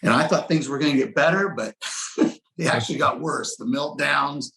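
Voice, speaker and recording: A middle-aged pastor, appearing as an interview guest, tells a personal testimony with earnest storytelling, quoting dialogue and shifting his pace. His voice sits on the high side with vocal fry, pushed and bright, at a moderate pace. The recording has a roomy echo.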